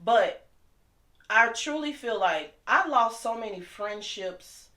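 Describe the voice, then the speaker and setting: A middle-aged woman speaking AAVE tells an emotional personal story as a guest, her slightly high, bright voice animated and forceful. She talks fast and heated, impassioned, with the sound echoing around the room.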